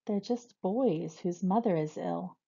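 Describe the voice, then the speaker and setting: A woman reading aloud, voicing a gentle, kind older woman who speaks softly to the robbers. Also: lowish voice, takes it slowly, gravelly, husky, muffled recording, exaggerated voice. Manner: soft, pleading.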